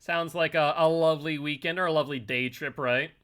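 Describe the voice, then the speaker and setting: A young man talks through a live horror game stream, reading chat aloud and joking with viewers. His voice is bright and sits a little high. He keeps a loose, playful, teasing tone. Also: fairly even intonation, fairly quick.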